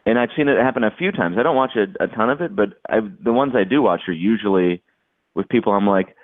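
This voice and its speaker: A man's voice: fairly low pitch, expressive, fast talker, no room sound. A man talks loosely in a casual podcast chat and keeps circling back with restarts and filler. His voice comes through a narrow, tinny line that sounds like a phone call. The sound is dry and close, with no room around it. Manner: rambling, many restarts and "like"s.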